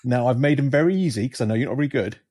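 Husky-voiced man hosting a podcast quiz. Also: medium pitch, animated, racing, warm tone. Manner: teasing, joking. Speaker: podcast host. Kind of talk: casual quiz banter.

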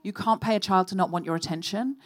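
Woman host telling stories on a live comedy podcast, acts out quotes big and loud. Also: mid-range voice, quick pace. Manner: animated storyteller, acts out shouty quotes. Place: live stage before an audience.

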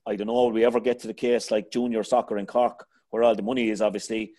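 A man's voice: fairly low pitch, little pitch movement, fast, warm tone. A middle-aged Irish man hosting a casual sports chat, rambling and talking to his panel as lads. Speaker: podcast host.

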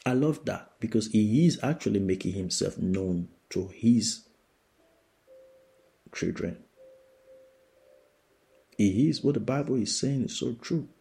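A man preaching on a podcast, reading scripture aloud and repeating his points with slow emphasis. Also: fairly low pitch, animated, creaky, dark tone, slightly rough. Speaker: preacher and dream interpreter. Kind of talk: sermon podcast with Bible reading.

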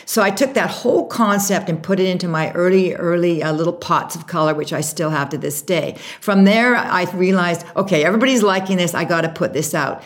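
A woman being interviewed about starting her makeup brand, telling the story with lively, acted-out quotes. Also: on the low side, brisk, hardly any pauses. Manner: animated storyteller, acts out quotes. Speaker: guest, makeup artist and brand founder.

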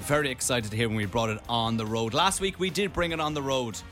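A man's voice: mid-range voice, quick pace, faint music behind. A man with a Dublin Irish accent hosting a radio show, telling rambling stories in casual chat. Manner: rambling animated storyteller.

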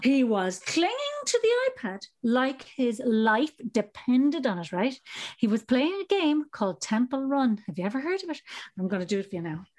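An Irish woman in her thirties, a podcast co-host telling a story in casual chat, animated and laughing as she acts out the voices. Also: high voice, normal speed. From Ireland.

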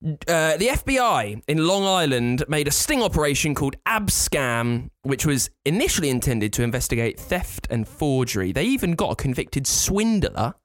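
A man's voice: a little high, sing-song, moderate pace, dry recording, studio quality. A man co-hosting a podcast in casual chat, ranting with exasperation. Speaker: podcast co-host.

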